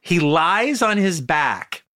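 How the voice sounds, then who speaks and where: Animated, excitable male film podcast host. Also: fairly high pitch, slow. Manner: animated, excitable, many "uh" fillers, swearing. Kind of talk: casual film discussion.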